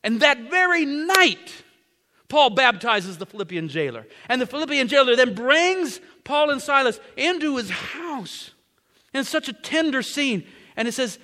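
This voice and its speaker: A male preacher tells a story in a high, bright voice. He repeats phrases and drops to a whisper for emphasis. His voice echoes through a large hall. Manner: dramatic, repeats phrases, swings from whispers to loud. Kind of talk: sermon storytelling.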